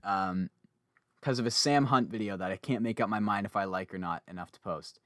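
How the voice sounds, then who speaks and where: A young man hosting a casual podcast chat, talkative and quick to laugh, often interrupting himself. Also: fairly low pitch, a bit bright, dry recording, studio quality. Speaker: podcast host.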